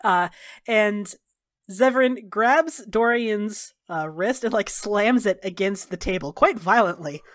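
A woman narrating a tabletop role-playing game as game master, in a relaxed way with many fillers. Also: mid-range voice, slow. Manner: relaxed, filler-heavy storytelling.

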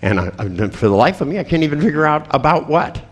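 A man's voice: fairly high pitch, very animated, fast talker. Blunt, profane seminar storyteller man. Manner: blunt and profane, acting out client exchanges; wry, laughs at his own stories. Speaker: seminar presenter on therapy and coaching. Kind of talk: storytelling seminar talk to a live audience.

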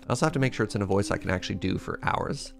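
A man streaming a video game live, with playful, excitable commentary. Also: fairly low pitch, rapid-fire, gravelly, soft background music.

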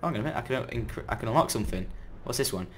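A man giving chatty, excitable commentary as he plays a game, breaking into sudden loud outbursts. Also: medium pitch, racing, slight background noise. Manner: chatty running self-talk while playing. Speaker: gaming video creator. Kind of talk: let's-play gameplay commentary.

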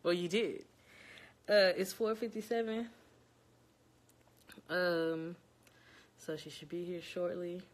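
A woman's voice: fairly low pitch, steady tone, takes it slowly, long pauses. A young woman from Louisiana, chatting casually to viewers at home while nervous before an interview. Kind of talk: casual chat. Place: home, indoors.

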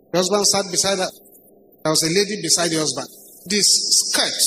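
A man with a Nigerian English accent preaching a sermon in a church, emphatic and repeating key phrases, his pitch swinging high and low. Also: fairly bright tone, a little hiss or hum, poor audio. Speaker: pastor.

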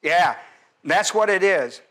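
Animated preacher, a man with a higher voice. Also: takes it slowly. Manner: animated, quizzes the congregation with questions. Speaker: pastor. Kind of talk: expository sermon.

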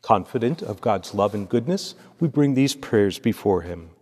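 A man as a priest, reading scripture and preaching a homily in a measured, steady cadence. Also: lowish voice. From United States. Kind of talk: liturgy and homily. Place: church. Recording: long church reverb.

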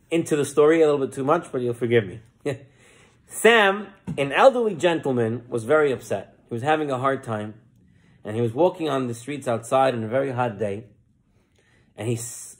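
High-voiced rabbi telling a story. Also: male voice. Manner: relaxed, conversational, with joking asides. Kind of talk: storytelling sermon.

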